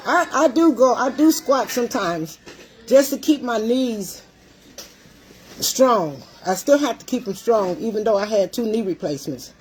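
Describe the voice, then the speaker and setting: A woman's voice: a little high, animated, a little slow, darkish tone, a little hiss or hum. An older woman hosting a casual livestream, out of breath and greeting her viewers by name. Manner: chatty, greets commenters by name. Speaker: livestream cooking show host.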